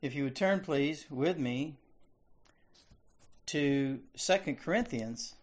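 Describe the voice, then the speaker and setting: A man preaching a sermon, reading scripture aloud and explaining it. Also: on the high side. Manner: slow, deliberate delivery.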